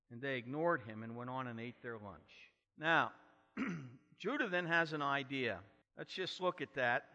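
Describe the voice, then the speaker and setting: Animated preacher in a reverberant hall. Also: male voice, medium pitch, a little slow. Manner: animated, dramatic storyteller. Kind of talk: expository sermon.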